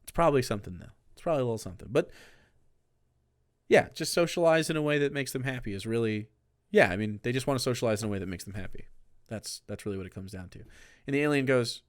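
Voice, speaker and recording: Smooth-voiced sarcastic male streamer. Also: mid-range voice, fast, no room sound, studio quality. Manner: sarcastic, rambling, animated. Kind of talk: casual live-stream commentary.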